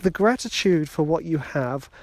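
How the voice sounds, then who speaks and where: Walking through a wood with his phone in hand, a middle-aged podcast host talks at normal speed in a slightly high, animated voice, with no echo. His casual motivational talk is self-deprecating and sprinkled with joking asides.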